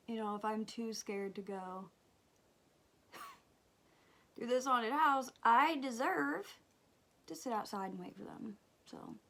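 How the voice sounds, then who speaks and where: A young woman, chatting and telling a story while doing her makeup, animated and swearing casually. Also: on the high side. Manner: animated, swears casually, drops to whispers at times. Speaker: beauty vlogger.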